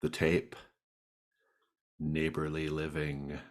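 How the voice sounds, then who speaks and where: Deep-voiced male game master. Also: monotone. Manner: casual, halting. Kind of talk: running a tabletop game.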